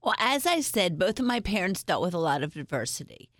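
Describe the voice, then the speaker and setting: A woman's voice: fairly low pitch, big pitch swings, a little fast, no echo, studio quality. A middle-aged woman guest telling personal stories in an interview, frank and upbeat, using humor. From Springfield, United States.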